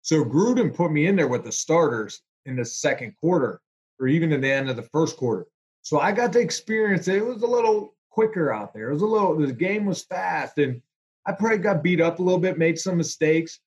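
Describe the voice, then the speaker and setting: Chatty former quarterback man, slightly high. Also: a little fast, lo-fi sound. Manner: animated, chatty storyteller with fillers. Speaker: former NFL quarterback, guest. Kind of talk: casual storytelling interview.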